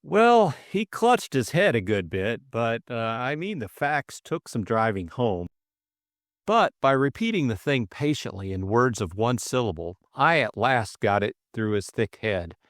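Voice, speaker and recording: A chummy young upper-class Englishman, as a man voices him in a classic audiobook drama. He chats in a quick, confiding manner with a lively, swinging pitch. The sound is close and dry. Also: no room sound. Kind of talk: audiobook character voice.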